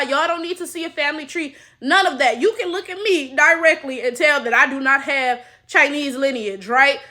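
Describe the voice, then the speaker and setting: Young woman, high bright voice, blunt slangy commentary. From Detroit, USA. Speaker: commentary YouTuber. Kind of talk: reaction commentary.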